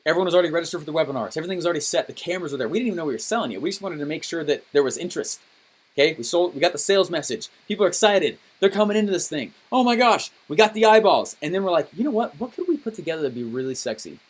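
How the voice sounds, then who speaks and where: Upbeat, high-voiced male coach. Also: very fast. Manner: animated and enthusiastic, often checking in with "okay?". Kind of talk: energetic coaching call with storytelling.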